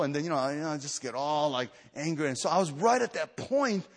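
A man's voice: on the high side, lively intonation, quick pace, big-room sound. A man preaching a sermon to a retreat gathering, telling stories with lots of fillers and restarts, then building to emphatic exhortation. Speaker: pastor.

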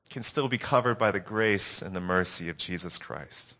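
A man preaching a sermon recap, earnest and telling a story with dramatic pauses. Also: low voice, sharp tone.

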